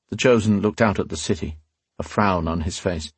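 A man narrating a fantasy story in a steady, scripted reading. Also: fairly low pitch, normal speed, breathy edge, no room sound. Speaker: audiobook narrator.

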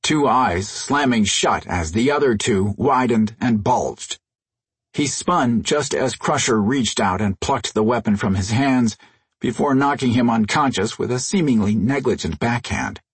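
A male audiobook narrator tells the story in a measured, husky voice of middle pitch. The studio sound is dry and close. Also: no room sound. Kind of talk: scripted narration. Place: recording studio. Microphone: close studio mic.

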